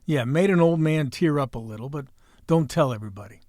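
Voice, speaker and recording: A man in his sixties hosting a podcast, delivering a folksy, wisecracking monologue with salty language and a hoarse voice. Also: on the high side, lively intonation, fairly quick, darkish tone, no echo, clean studio sound. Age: 60s. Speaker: podcast host. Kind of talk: opening monologue and casual chat.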